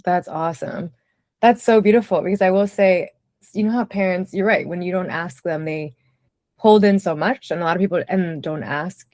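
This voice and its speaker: A woman's voice: lowish voice, moderate pace, darkish tone, dry recording. A woman telling personal stories in a casual conversation, reflective and chatty, with many fillers. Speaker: podcast guest, writer.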